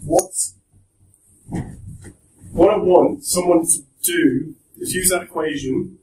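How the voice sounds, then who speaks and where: A man's voice: high voice, slow pace, a little mellow, a little hiss or hum. Young male guest speaker, chatty and jokey, echoey room, heard from a distance. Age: young adult. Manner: chatty, joking, with restarts. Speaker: guest speaker at a university talk. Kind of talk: casual presentation to students. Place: lecture room.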